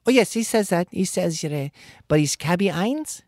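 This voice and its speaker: A woman's voice: on the low side, lively intonation, a little mellow, dry recording, clean studio sound, pitched above the performer's own voice, close to an everyday voice. A man putting on a female bill collector with a Puerto Rican accent, who keeps apologizing and hesitating. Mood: apologetic. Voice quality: halting, full of hesitations and apologies.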